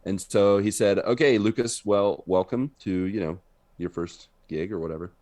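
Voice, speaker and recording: A man co-hosting a podcast, telling an animated story in casual chat and laughing often. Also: on the low side, normal speed. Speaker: podcast co-host. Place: living in Brazil.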